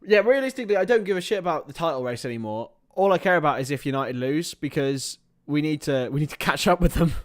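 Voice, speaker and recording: On his stream, a man with a slightly high voice calls a football match live, swinging from excitable play-by-play into loose, chatty asides and swearing offhandedly. He talks quickly with few pauses in this casual commentary.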